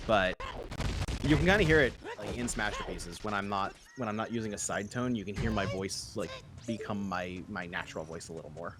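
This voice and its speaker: A young man chatting quickly on a stream, sprinkling in "like" and using a light radio voice. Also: fairly low pitch. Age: young adult. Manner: fast talker, many "like" fillers, light radio voice. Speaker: podcast co-host, guest streamer. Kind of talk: casual chat on a stream. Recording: music playing behind.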